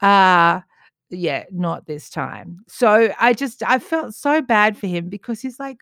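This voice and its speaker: A woman's voice: mid-range voice, lively intonation, slow pace, gravelly, a bit bright, no echo, studio quality. A woman hosting a podcast, telling a story in casual chat with many fillers. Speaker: podcast host.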